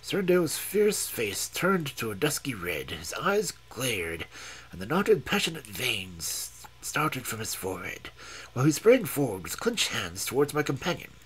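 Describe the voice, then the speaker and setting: A man reading a story aloud, narrating dramatically with wide swings and a husky tone. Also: medium pitch, huge pitch swings, a little slow. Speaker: reader. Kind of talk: audiobook reading, live stream.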